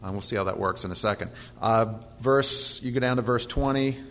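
A man's voice: mid-range voice, fairly quick, a bit bright. A middle-aged male pastor works through a scripture passage with folksy, joking asides. His mid-range voice rings with a long hall reverb. A faint hum runs beneath. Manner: folksy, joking asides while reading names. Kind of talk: expository sermon.

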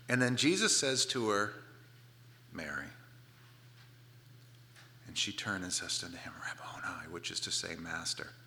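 Bright, animated male preacher. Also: fairly low pitch. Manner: animated storytelling with playful asides, dropping to soft tones for tender moments. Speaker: pastor. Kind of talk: sermon.

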